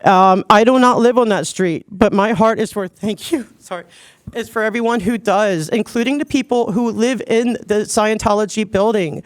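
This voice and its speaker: A woman from Los Angeles speaks at a public meeting, choked up and close to tears. She pleads earnestly, stumbling into restarts, yet her voice stays smooth and resonant. The sound is dry and close, with no room echo. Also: mid-range voice, moderate pace. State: tearful, choked up. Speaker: public commenter at a city commission meeting. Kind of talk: public comment address.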